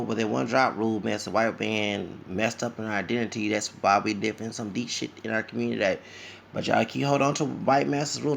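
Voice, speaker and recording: A tired man from Louisiana with a Louisiana accent, talking fast and rambling in an opinionated livestream monologue. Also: lowish voice, gravelly, a little hiss or hum. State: tired, sleepy. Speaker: vlogger.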